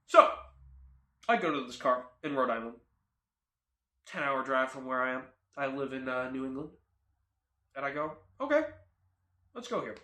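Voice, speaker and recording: A young man telling a comic car story in an animated, self-mocking way, recorded in a home garage. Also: medium pitch, moderate pace, long pauses, reverberant. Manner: animated, jumps into loud silly voices, self-mocking. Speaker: car vlogger.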